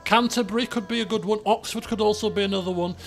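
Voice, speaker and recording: A man's voice: high-pitched, steady tone, fast talker, soft background music. A man commentating a guessing game on a live stream, chatty, thinking aloud and laughing often.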